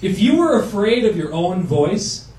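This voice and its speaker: A man performing a stand-up comedy set on a club stage, telling stories with animated acted-out voices over audience laughter. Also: high-pitched, a little slow. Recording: roomy live club sound from a distance.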